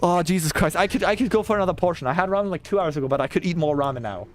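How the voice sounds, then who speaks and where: A young man streams a game and rants excitedly to his chat, swearing as he goes. His voice sits a little high for a man. A faint noise runs under the recording. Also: very fast. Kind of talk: casual live-stream chat while gaming.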